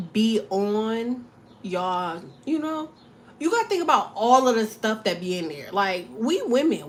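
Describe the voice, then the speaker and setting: A woman's voice: medium pitch, slight background noise. Young woman tarot reader, cussing and joking, voice bouncing up and down a lot. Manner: profane, joking, rambling. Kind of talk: casual tarot reading chat.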